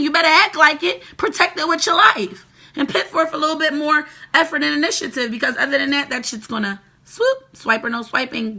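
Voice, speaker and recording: Woman host, bright and a bit high, brash straight-talking relationship advice. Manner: profane, brash, animated and lecturing. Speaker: mother of two. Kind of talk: blunt advice monologue.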